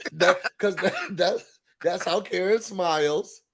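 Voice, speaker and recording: Brief: high-pitched male co-host, nasal from a cold, animated recap chatter with acted-out quotes. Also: gravelly. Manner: animated, acts out quotes with big shouts. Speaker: podcast co-host. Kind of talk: casual recap chat.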